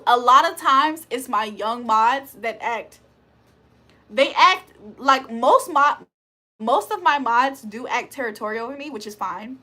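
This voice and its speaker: A woman's voice: high-pitched, bright, forceful tone. A young woman hosting a casual livestream, reading chat aloud and laughing often. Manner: chatty, laughs often, reads comments aloud.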